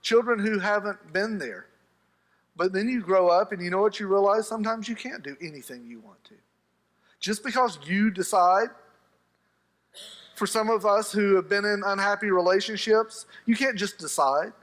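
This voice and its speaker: A man's voice: sits high, normal speed, fairly bright tone. A man preaching a sermon as pastor, telling stories with humor and acting out the voices of the people in them. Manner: humorous storytelling, acts out quoted voices. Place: church sanctuary.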